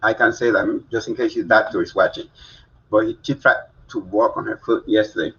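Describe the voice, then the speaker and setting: A man's voice: fairly low pitch, steady tone, fairly quick, fairly bright tone. Easygoing male co-host, lo-fi stream. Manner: supportive, lots of short agreeing interjections, playful. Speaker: co-host of a live online talk show. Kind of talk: casual live-stream chat. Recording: dull lo-fi live-stream audio.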